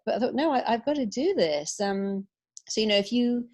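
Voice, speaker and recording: A middle-aged woman being interviewed on a radio show, giving upbeat advice and acting out quick quoted asides. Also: on the high side. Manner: animated, upbeat, quotes herself in little acted asides. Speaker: guest, hypnotherapist.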